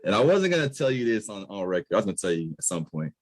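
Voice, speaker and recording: A late-twenties American man hosts a podcast interview in a lowish, very animated voice, racing through his words in a dry recording. He comes across as earnest and emphatic, keeping things casual with plenty of slang.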